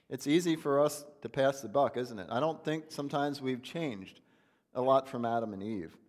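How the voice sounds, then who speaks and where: A man preaches in a plain, conversational, folksy way, asking question after question of the people in front of him. His voice sits at a middle pitch, and the long reverb of a church hall trails after each phrase. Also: normal speed, darkish tone. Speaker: pastor. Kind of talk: sermon.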